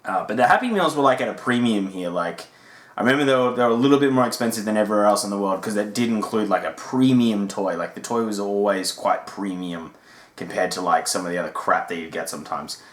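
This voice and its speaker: An Australian podcast host with a voice on the low side talks at a quick pace, chatting casually as he reacts to old commercials. He's chatty, laughing and heavy on fillers, recorded in an echoey room.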